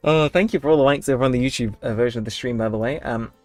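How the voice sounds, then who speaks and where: A man's voice: mid-range voice, fast talker, a little mellow, dry recording, faint music behind. Chatty guy streaming. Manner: rambling, chatty, laughs often, talks to chat. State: cold coming on. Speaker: livestreamer. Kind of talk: casual live-stream chat while gaming.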